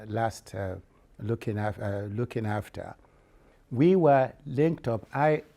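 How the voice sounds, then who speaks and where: A man's voice: medium pitch, darkish tone. A man who leads a church body gives an earnest spoken report to members. He stops and restarts his words often. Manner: halting, with many repeated restarts. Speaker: church leader giving a report.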